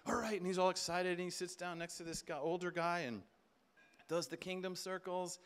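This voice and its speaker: A man speaks from a conference stage in an animated storytelling style. He adds humorous asides and acts out the voices in his anecdotes. His voice sits a little on the high side for a man. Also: moderate pace, clear, resonant tone. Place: conference stage before a live audience.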